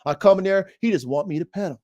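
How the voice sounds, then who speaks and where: A man's voice: high-pitched, quick pace, darkish tone, dull audio. A man hosting a casual dog training podcast, talking animatedly and straight to his listeners. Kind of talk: casual livestream talk.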